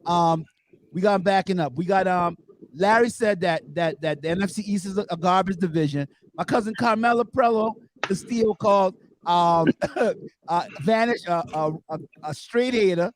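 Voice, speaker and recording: A male host of an online sports talk show, bantering loudly and reading out viewer comments. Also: sits high. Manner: loud, joking, quick to banter. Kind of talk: casual sports chat.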